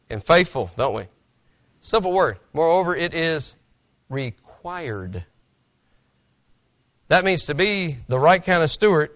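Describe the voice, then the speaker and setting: Male pastor, earnest conversational sermon delivery, slightly high bright voice, lo-fi church recording. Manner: earnest, conversational preaching with rhetorical questions. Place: church sanctuary.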